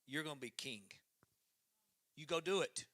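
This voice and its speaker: A man giving an impassioned closing address at a live church gathering in a converted barn, moving from loud declarations to hushed, emotional passages. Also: a little high, normal speed. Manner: fervent, preacherly, swings from loud to hushed. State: emotional, voice thick.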